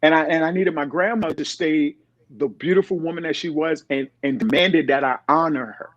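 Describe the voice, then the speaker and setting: Middle-aged male guest, fairly high voice, animated storyteller who acts out quotes, dull and dry recording. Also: brisk, no room sound. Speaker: podcast guest. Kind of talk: storytelling in conversation.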